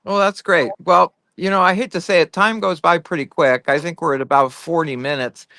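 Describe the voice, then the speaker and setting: Male co-host, higher-pitched, stumbles while hunting for words. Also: steady tone, creaky, pushed and bright, no room sound, studio quality. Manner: halting, searches for words. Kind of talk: casual chat.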